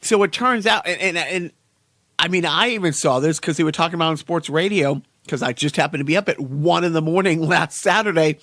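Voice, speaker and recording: A man's voice: fairly high pitch, fairly quick, a bit bright, no room sound, studio quality. A man co-hosting a podcast, rambling through casual sports chat and repeating his words as he goes. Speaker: podcast co-host.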